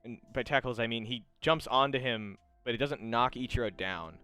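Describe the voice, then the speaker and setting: A man narrating as game master of a tabletop game, chatty and quick to laugh. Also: medium pitch, pushed and bright, no echo, faint music behind. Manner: chatty, laughing, scene-setting.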